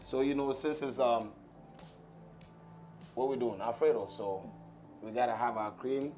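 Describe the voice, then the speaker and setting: A man's voice: medium pitch, a little slow, darkish tone, faint music behind. A man with an American accent, a guest chef chatting casually in a TV studio, laid-back and easygoing. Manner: laid-back, easygoing, says "you know" a lot. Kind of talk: casual chat while cooking.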